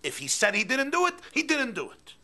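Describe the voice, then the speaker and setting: A man's voice: deep voice, level tone, slow, bright, forceful tone, full character voice. A man doing a firm, matter-of-fact teacher. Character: steady male Hebrew school teacher, matter-of-fact.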